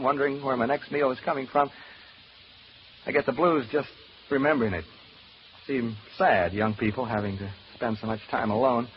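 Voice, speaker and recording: A man's voice: medium pitch, a little hiss or hum, lightly acted. An actor playing a chatty, nervous radio announcer alone in a haunted house, rambling and joking nervously as he talks to his listeners in a 1940s radio drama. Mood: wistful. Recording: muffled old radio broadcast recording.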